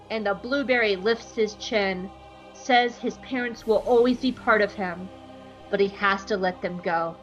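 A woman with a fairly high, fairly bright voice recaps a cartoon episode for a podcast, casual and playful. She jokes around and acts out quotes in silly character voices. The recording is rough.

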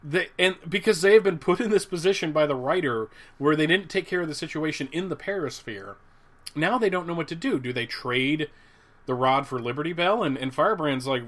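A man's voice: fairly high pitch, brisk, fairly bright tone. An American man in his forties, co-hosting a podcast, chatting loosely about comics with lots of restarts and chuckles. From United States. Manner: rambling, many restarts, chuckles at his own jokes. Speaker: podcast co-host. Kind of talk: casual chat about comics.

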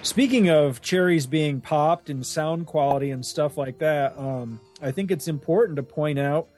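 A man's voice: on the high side, normal speed, darkish tone, faint music behind. Rambling, laughing male podcast host. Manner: rambling, laughs often, swears casually. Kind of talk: casual chat. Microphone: studio microphone.

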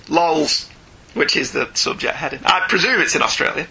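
Bright-voiced Irish-born man with a sore throat. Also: fairly high pitch, expressive, normal speed, low-quality recording. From Ireland. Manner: laughs often while reading aloud. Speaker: podcast co-host reading listener emails. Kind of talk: casual chat.

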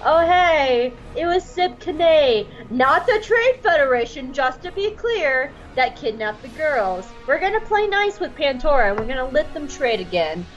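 A woman's voice: sits high, sing-song, normal speed, hardly any pauses, muffled recording, faint music behind, voice pushed up. A woman voicing a glib male alien senator who makes a smug announcement in a breezy, overly casual way.

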